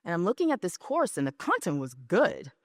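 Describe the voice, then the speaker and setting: With a lowish voice, huge pitch swings and a brisk pace, a woman presents conversationally at a business session, weaving in stories and frequently asking the audience "right?" or "okay?". The sound is clean studio quality with no room sound.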